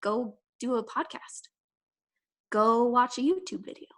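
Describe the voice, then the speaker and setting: A young woman giving an energetic, emphatic motivational talk to her sales team, rambling quickly with fillers. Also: a little high. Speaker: direct sales team leader. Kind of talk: casual motivational talk to camera.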